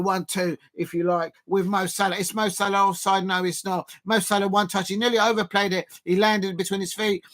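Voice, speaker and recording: A man hosting a live football watch-along, chatting and calling the action in a rambling, excitable way that rises to shouts at big moments. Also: high voice. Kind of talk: live match commentary and chat.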